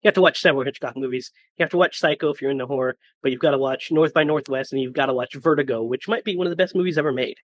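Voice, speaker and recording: A man's voice: mid-range voice, racing, few pauses. A man hosting a podcast in casual chat, joking and laughing often. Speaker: podcast host.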